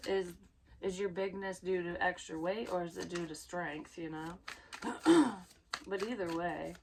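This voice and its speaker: This woman, a psychic tarot reader, talks at a fairly low pitch and normal speed with a flat delivery, against slight background noise. Her casual reading is rambling and blunt, full of free swearing.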